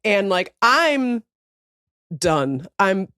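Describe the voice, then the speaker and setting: A woman's voice: mid-range voice, extremely slow, clear, resonant tone, no echo. A woman co-hosting a casual podcast chat, telling stories with lots of feeling and acting out what people said. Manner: animated storytelling, acts out quotes; laughs while talking about crying. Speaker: podcast co-host.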